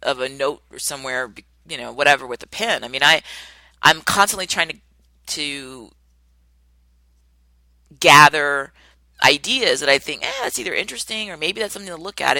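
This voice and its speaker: A woman hosting a solo podcast as a coach, talking in an animated way and acting out the people she quotes with big exclamations. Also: deep voice, no echo, poor audio.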